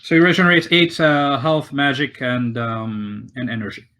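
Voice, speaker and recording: A man's voice: mid-range voice, level tone, moderate pace, pushed and bright. Hesitant male game master. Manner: hesitant, many fillers. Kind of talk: narrating a tabletop game.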